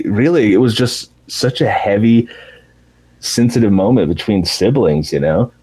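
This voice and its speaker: A man with a very low, dark and husky voice, retelling a TV finale in loose, casual chat. He swears freely and slips into raised voices when quoting the characters. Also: measured pace, poor audio. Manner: animated storytelling with profanity, acting out characters in raised voices.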